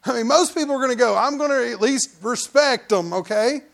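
Brisk and creaky, with a very high-pitched voice, a middle-aged pastor delivers a conversational sermon. Occasionally he breaks into loud mock outbursts.

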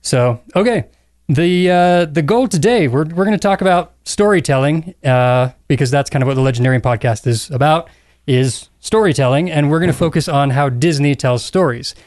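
A man hosting a podcast in casual chat, chatty, laughing easily and throwing in quick asides. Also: a little high, darkish tone, no echo, clean studio sound. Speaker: podcast host.

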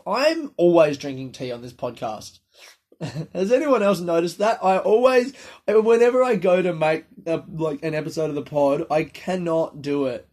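A man's voice: on the high side, a little mellow. A young man with a sniffly nose, hosting his own podcast in a rambling, self-deprecating monologue that swears freely. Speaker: comedian podcast host. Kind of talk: casual solo podcast monologue.

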